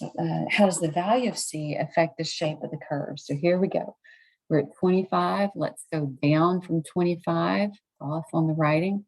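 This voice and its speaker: Low-voiced tired woman teaching math. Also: darkish tone, poor audio. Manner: chatty, self-correcting, thinking aloud. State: tired, late at night. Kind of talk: recorded lesson walkthrough.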